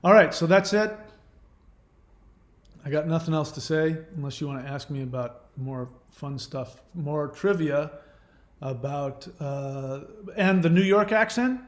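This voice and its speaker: A man's voice: a little high, a little slow, reverberant. A man hosting his own channel, chatting casually and rambling through trivia with lots of fillers and self-corrections. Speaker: channel host. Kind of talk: casual live-stream chat.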